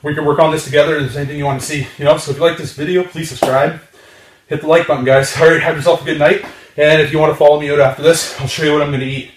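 A winded man counts his reps aloud and cheers his viewers on, his voice sitting a bit high. He sounds like he is in a hard, echoing room, with steady noise in the background. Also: racing, distant mic. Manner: encouraging, counts reps with strained exhales. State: out of breath. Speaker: fitness vlogger. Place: home gym.

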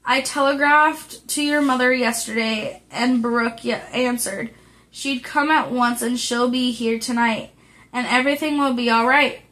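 An eager, kind-hearted teenage boy from a classic storybook reassures a friend in a hurried way. His voice sits fairly high and light, with unhurried delivery, as a woman reader takes the part. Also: a bit bright.

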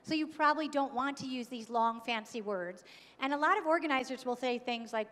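A New York woman delivers a conference keynote in a hall with long reverb. Her voice is high and lively at normal speed, and she keeps things engaging by often questioning the audience.

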